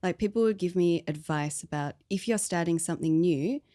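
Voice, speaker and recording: Being interviewed, a podcast founder chats casually about her story, rambling and using plenty of fillers. Her voice is on the low side, brisk, and mellow.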